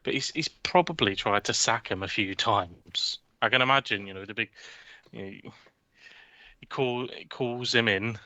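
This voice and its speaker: A man's voice: fairly low pitch, normal speed, bright, forceful tone, no echo. A man co-hosting a football podcast, casual, rambling and mocking, with frequent swearing. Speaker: podcast co-host.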